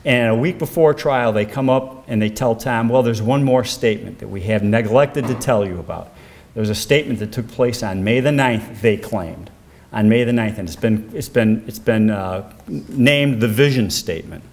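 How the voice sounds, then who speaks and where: A man's voice: moderate pace, darkish tone. Older man recounting a case. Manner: narrates with rising pitch when quoting others. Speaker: former defense lawyer. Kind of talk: documentary interview, recounting a case.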